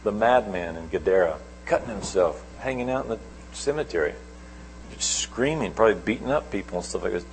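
A middle-aged man preaching a sermon, telling stories with sudden swings between loud and soft. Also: fairly low pitch, lively intonation, brisk, a little hiss or hum, low-quality recording.

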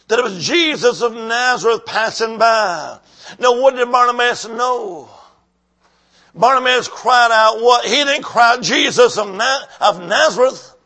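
A man's voice: very high-pitched, pushed and bright. A man preacher delivering a sermon, rhythmic and repetitive, calling out to the congregation. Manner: rhythmic, repeating phrases, calls to the congregation.

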